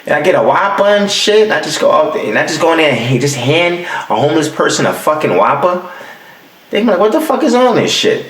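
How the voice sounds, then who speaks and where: A man's voice: a little high, quick pace, roomy sound. A young adult man hosting his podcast, ranting casually and profanely from home. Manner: profane, animated storytelling with acted-out quotes. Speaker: podcast host. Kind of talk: casual solo rant. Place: home room with the heat off.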